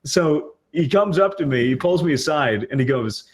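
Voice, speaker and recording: A man's voice: on the high side, lively intonation, moderate pace. A young man telling a story in a casual chat with friends, laughing often as he talks. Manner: laughs often while talking. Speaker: gaming podcaster.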